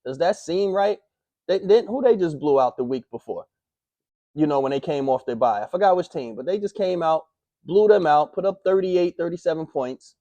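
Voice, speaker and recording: A man's voice: fairly high pitch, mellow, no echo, highs cut off. A man hosting a sports picks recap, talking in a heated, profane, slangy rant. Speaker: sports picks show host.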